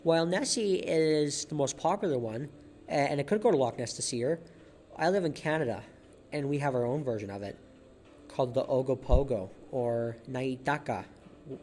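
Male solo podcast host, mid-pitched and casual, with a halting delivery full of restarts and repeated words, over faint background noise. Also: darkish tone. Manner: chuckles at his own jokes. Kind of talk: casual informational narration.

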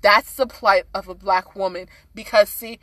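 A woman's voice: mid-range voice, fairly even intonation, normal speed, bright, forceful tone, no room sound. A woman speaking earnestly and passionately in a casual conversation, with many fillers.

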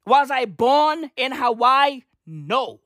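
A woman from South Africa riffs through a profane comic rant, dropping slang and swearing at every turn. She takes her time, yet her pitch swings wildly between mutters and yelps. The sound is dry, with no room around it. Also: very animated, slow, no room sound. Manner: loud outbursts and asides. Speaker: comedic monologue host.

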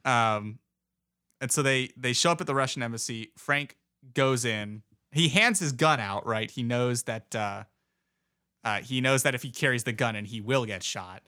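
A man's voice: mid-range voice, normal speed, sharp tone, clean tone, no echo, clean studio sound. A man casually recapping a movie plot in a chat, rambling with lots of fillers. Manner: rambling retelling with many fillers.

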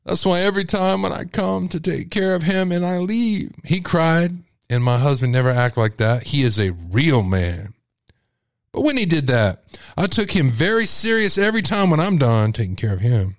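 A male podcast host reading a statement aloud in character as a furious grieving widow, ranting and accusing with sharp swings in pitch. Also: sing-song, moderate pace, no room sound, studio quality. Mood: bitter accusing.

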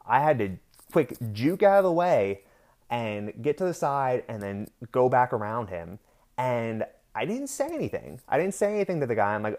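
A man's voice: medium pitch, very animated, normal speed, a little mellow. A young man telling a heated story in a casual rant, swearing freely.

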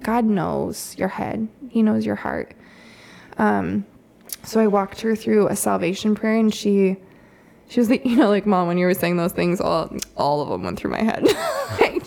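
Chatty mother with a gravelly edge. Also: medium pitch. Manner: chatty, lots of "like" and soft laughs. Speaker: mother sharing a story. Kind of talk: casual storytelling chat.

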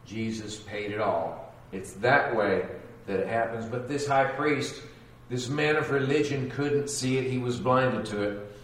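A man preaching a sermon as pastor, dramatic and animated, acting out quotes and sound effects. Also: mid-range voice, a little slow, distant mic. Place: church sanctuary. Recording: echoey church recorded from afar.

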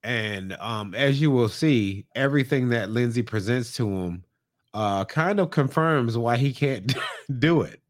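A man's voice: medium pitch, animated, a little slow. Man, podcast co-host, laid-back, teasing, casual chat.

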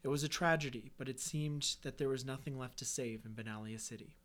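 A man's voice: mid-range voice, fairly quick, fairly bright tone. Man casually retelling a fantasy story. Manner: reads story text, then breaks off into joking asides. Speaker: podcast host.

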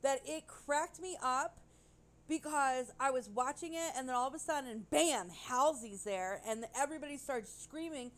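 A woman's voice: high-pitched, moderate pace. A woman co-hosting a casual podcast chat, rambling and gushing, with casual swearing. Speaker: podcast co-host.

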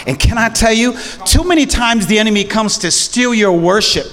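A pastor preaches in a high, lively voice, telling the story with easy slang and bursts of animation. His words roll out through a long hall reverb. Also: fairly quick. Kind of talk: sermon.

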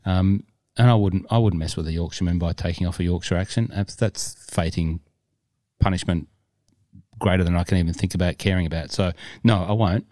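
A man with a low, mellow voice talks in a rambling, jokey way as a podcast co-host. The sound is dry and close to the mic. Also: steady tone, fairly quick, no room sound. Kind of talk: casual chat.

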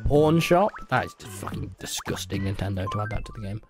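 A young Englishman streaming a game in loud, excitable casual chat, swearing freely. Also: fairly quick, music in the background. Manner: loud, excitable, swearing, jumping into squeaky baby talk.

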